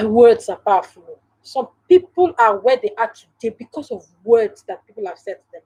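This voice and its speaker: A woman's voice: fairly high pitch, big pitch swings, normal speed, warm tone, slightly rough, rough recording. A woman with a Nigerian English accent hosting a casual live stream from home, chatting directly to viewers and laughing often.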